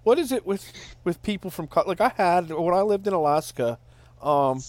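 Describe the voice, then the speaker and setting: A laid-back man co-hosting a movie podcast, with a voice a bit higher than most men's. He jokes easily, and his voice sounds close and dry, with no room echo. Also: lively intonation, moderate pace, a little mellow. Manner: laid-back, joking, says "frickin'" and "man". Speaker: podcast co-host. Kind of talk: casual movie podcast chat.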